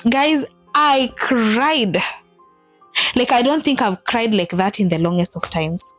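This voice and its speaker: A woman in her thirties tells a personal vlog story in an animated way, acting out what people said with big jumps in her voice. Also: takes it slowly, faint music behind. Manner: animated, acts out quotes with big pitch jumps. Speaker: vlogger telling a personal story. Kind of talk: emotional storytelling to camera.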